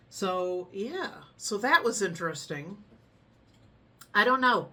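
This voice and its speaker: Chatty middle-aged woman, bright voice. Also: medium pitch, slow, long pauses. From United States. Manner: chatty, laughs often, calm and frank. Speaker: vlogger. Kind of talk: casual storytelling chat.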